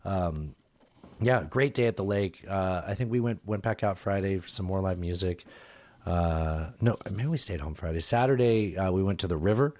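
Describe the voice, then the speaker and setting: A man's voice: low-pitched, normal speed, darkish tone. A man hosting a podcast, telling rambling, profane stories in a casual chat. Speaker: podcast host.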